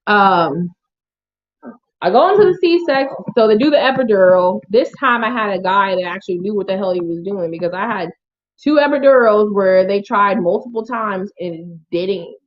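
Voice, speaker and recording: A woman's voice: mid-range voice, lively intonation, moderate pace. A young woman vlogger telling her birth story in a chatty, emotional way, often talking straight to her viewers. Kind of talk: casual storytelling to camera. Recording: dull lo-fi home video sound.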